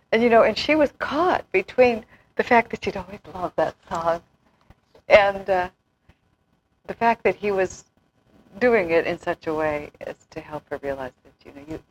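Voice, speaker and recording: Her voice sits on the low side as she chats through an informal spiritual talk, full of stories, acted-out quotes and frequent laughter. It's a low-quality recording with a little hiss or hum.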